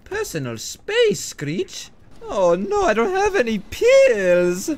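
A man's voice: extremely high pitch, wildly swooping pitch, takes it slowly, pitched above the performer's own voice, heavily acted. A man voicing a cheery, boastful cartoon plumber in sing-song squeals while commenting on a video game. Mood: gleeful teasing. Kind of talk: gaming commentary in character.

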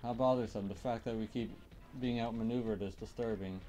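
A man's voice: mid-range voice, fairly even intonation, a little fast, warm tone, slight background noise, lightly acted. A man doing a fawning old witch advisor.

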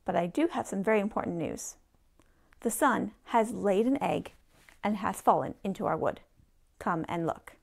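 A man voicing an eager little female elf who talks high and breathless, in a read-aloud storybook. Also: normal speed, vocal fry.

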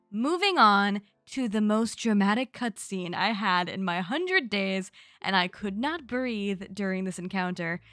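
A young woman narrating a recap of her gameplay in a chatty, gushing, animated way, close to the microphone. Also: mid-range voice, no echo. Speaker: gaming YouTuber.

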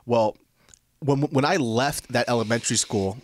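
A man in his thirties co-hosting a podcast, telling a story in an expressive, blunt and laughing way. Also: mid-range voice, moderate pace. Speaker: podcast co-host.

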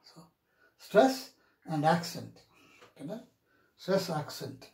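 A man teaching English pronunciation in a classroom lecture, saying each example word several times in a drawn-out, deliberate way. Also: fairly high pitch, big pitch swings, darkish tone. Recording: echoey room.

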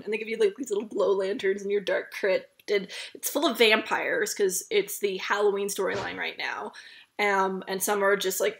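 A woman's voice: medium pitch, vocal fry, fairly bright tone. A young woman vlogger telling a casual, chatty story about a park visit, full of fillers and asides.

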